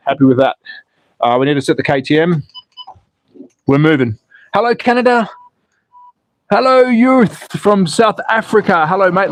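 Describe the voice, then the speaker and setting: A man at home, excitedly calling slot car races on a live stream and casually chatting with viewers. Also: fairly high pitch, rough recording. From Australia. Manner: excitable commentary, then relaxed chatting with viewers. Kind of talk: live race commentary and chat reading. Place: home in Austria.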